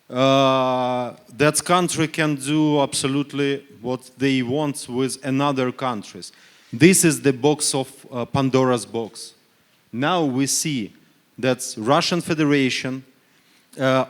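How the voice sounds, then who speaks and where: A man from Ukraine, speaking on a forum panel in halting English, full of fillers and self-corrections, pressing his case with earnest rhetorical questions. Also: mid-range voice. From Donetsk region, Ukraine. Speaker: panelist, human rights official. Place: conference panel stage.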